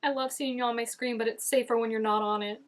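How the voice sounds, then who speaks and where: A woman's voice: on the high side, fairly even intonation, fast. A woman hosting a reaction video, talking casually as she reacts to scenes and filling her speech with "like". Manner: chatty, frequent "like", reacting to scenes.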